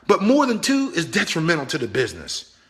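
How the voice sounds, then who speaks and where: A man gives a motivational business talk with a bright, forceful voice. His speech is animated and pleading, and he repeats his points over and over for emphasis. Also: a little high, a little fast. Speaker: business trainer.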